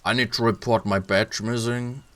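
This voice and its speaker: A man's voice: medium pitch, fairly even intonation, moderate pace, a bit bright, natural voice. A man doing a flustered, embarrassed detective. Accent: German. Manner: pleading, flustered.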